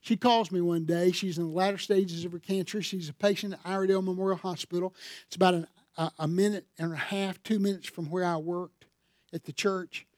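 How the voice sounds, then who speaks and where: Pastor preaching, folksy storyteller, fairly high voice, dry close sound. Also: male voice, fairly even intonation, brisk, darkish tone, dry recording. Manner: folksy storytelling, rising to fervent emphasis. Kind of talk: sermon.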